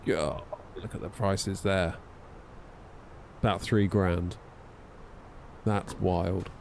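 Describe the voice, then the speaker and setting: A man's voice: low voice, fairly even intonation, drawn-out words, vocal fry, a little hiss or hum. A man chatting casually on a flight sim live stream, wry and a little tired, reading out chat messages as he goes. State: yawning, tired.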